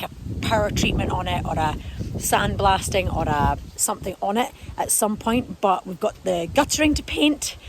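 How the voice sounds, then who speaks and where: A woman in her forties rambles through a casual walk-and-talk vlog, her voice swinging widely up and down. She talks into a handheld camera outdoors, and clear background noise sits under her voice. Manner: chatty and rambling, calling her dog in a high sing-song. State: out of breath. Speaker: lifestyle vlogger. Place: outdoors in a garden and field.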